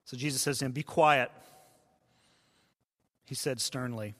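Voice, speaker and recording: A man who is a pastor, preaching a sermon in a conversational way and dropping to hushed tones for quoted voices. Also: medium pitch, steady tone, quick pace. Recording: long hall reverb.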